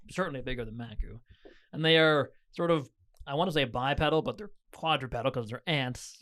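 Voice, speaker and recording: A man narrating as game master, describing scenes in a relaxed, lightly joking way. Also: fairly high pitch.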